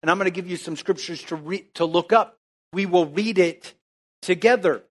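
A man with a high voice preaches to his congregation. He drives each point home with repeated rhetorical questions, and his pitch climbs on the big lines. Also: normal speed. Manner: emphatic, rhetorical questions, calls for amen. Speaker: pastor. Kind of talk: sermon.

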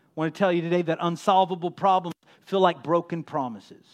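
A man preaching a sermon as pastor, dropping to a hush and rising to emphatic, loud peaks. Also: on the high side, steady tone, a little fast. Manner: swings from hushed to loud, emphatic.

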